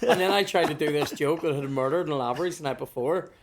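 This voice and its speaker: Northern Irish male comic, relaxed anecdote-teller, sweary, plays out other people's lines. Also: fairly high pitch, fast talker. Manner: swears freely, acts out others in his stories. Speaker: comedian guest. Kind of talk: casual storytelling chat.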